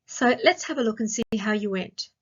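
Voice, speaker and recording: Woman, Australian accent, teacher voice, slow sing-song questions, higher pitch, dull lo-fi sound. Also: animated. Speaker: primary school teacher. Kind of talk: recorded online grammar lesson for young children.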